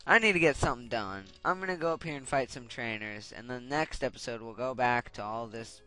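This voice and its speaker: A man's voice: mid-range voice, a little fast, sharp tone, smooth. A young man giving casual gameplay commentary, getting frustrated and swearing as he rants. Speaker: Let's Play commentator. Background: game music.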